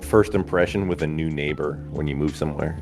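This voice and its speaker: A man's voice: rumbling low, steady tone, fairly quick, music in the background. A man chiming into a casual live-stream chat with laid-back, offhand remarks.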